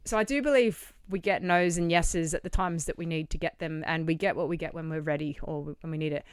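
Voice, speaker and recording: A woman's voice: sits low, a little fast, clean tone, no echo, clean studio sound. An Australian woman talking as a podcast guest, candid and blunt, swearing casually as she tells her story. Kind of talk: candid interview conversation.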